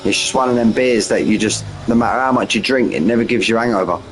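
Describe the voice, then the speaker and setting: A man's voice: medium pitch, fast talker, poor audio. A man in his forties giving casual, slangy live race commentary, chatting between calls and jumping up at close moments. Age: 40s. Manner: chatty, slangy, answers chat mid-race, bursts of excitement.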